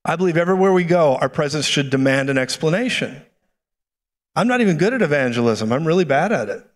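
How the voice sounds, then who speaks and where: A man preaching a sermon, telling stories animatedly and then speaking prophetic declarations more softly. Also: a little high. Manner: animated storytelling, quick asides and laughs; prophetic declarations, softer and slower. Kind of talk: sermon with storytelling.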